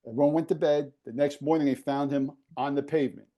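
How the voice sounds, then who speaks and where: A man from the New York area, a podcast guest telling animated stories with frequent restarts. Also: on the high side, quick pace. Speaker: former basketball operations director, guest. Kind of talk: casual storytelling.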